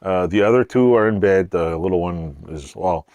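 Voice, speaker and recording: A low, slightly mellow male voice at normal speed comes through a muffled recording with no room sound. The middle-aged channel host jokes around with his daughter in his home garage workshop, easygoing and laughing often.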